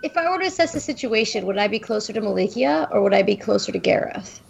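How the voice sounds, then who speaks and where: A woman's voice: mid-range voice, expressive, quick pace, gravelly, dull audio, slight background noise. A woman playing a tabletop role-playing game, hesitantly asking questions and deciding her moves. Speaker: player. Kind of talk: casual tabletop game play.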